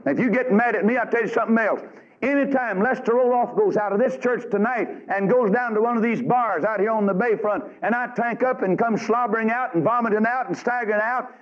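A man preaching a fiery revival sermon in a folksy, scolding way. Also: sits high. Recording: dull lo-fi archive recording.

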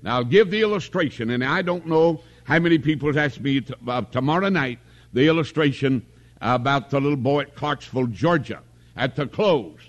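A man's voice: mid-range voice, fairly quick, highs cut off. A middle-aged man preaching at a revival in a tabernacle, folksy and homespun, joking and calling for amens. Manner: folksy, homespun, with jokes and calls for amen. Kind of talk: sermon.

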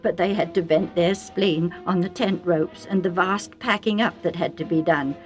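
A woman reads a storybook aloud for children in a low-pitched voice. She tells the story in a chatty, warm way and often turns to the listener with little asides, over faint background music. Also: moderate pace.

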